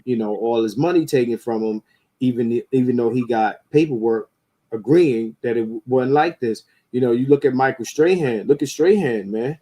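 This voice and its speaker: A man hosting a podcast, talking casually and profanely, getting animated as he mocks what others say. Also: medium pitch. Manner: animated, profane, rising into mocking quotes. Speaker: podcast host. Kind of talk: casual opinionated talk.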